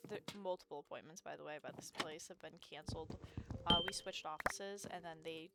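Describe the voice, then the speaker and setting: A woman's voice: low voice, fairly even intonation, fairly quick. A woman streamer chatting casually, ranting in an exasperated way and swearing freely. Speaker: live streamer. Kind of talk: casual venting chat. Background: loud music.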